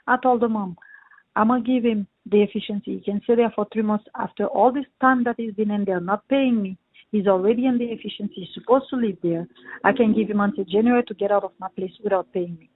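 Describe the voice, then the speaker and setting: A man's voice: sits high, fairly even intonation, fast talker, no room sound. A landlord, a man, retelling a dispute with indignation, repeating himself and acting out the arguments he had. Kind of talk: heated phone conversation. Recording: tinny dry phone line.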